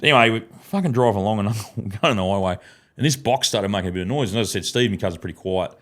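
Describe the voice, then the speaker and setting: A man, a podcast guest telling a sweary, animated story and laughing through his sentences in a studio. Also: lowish voice, fast. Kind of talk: casual storytelling.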